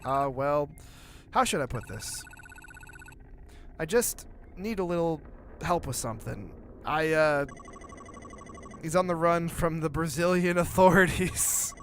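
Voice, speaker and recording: A man doing a gruff old con man. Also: fairly high pitch, measured pace, long pauses, slight background noise, close to an everyday voice. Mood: sly. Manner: loud, rough, theatrical insults.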